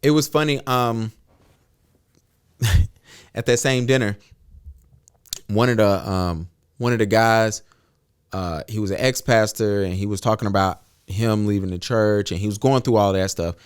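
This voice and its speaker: Brief: male podcast co-host, lowish voice, easygoing storyteller, agrees a lot. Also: unhurried, long pauses, clear, resonant tone. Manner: relaxed storytelling, frequent agreeing "mm-hmm". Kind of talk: casual podcast talk.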